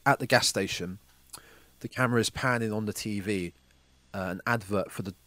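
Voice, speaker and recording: A man's voice: fairly low pitch, moderate pace, bright, forceful tone, no echo. A young man co-hosting a podcast, talking through a film casually and stumbling over names. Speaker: podcast co-host. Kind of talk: casual film review chat.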